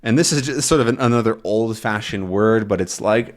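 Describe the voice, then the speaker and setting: A man's voice: on the low side, fairly quick, few pauses. A man teaching English by reading a comic aloud, patiently explaining words and often checking in with "right?".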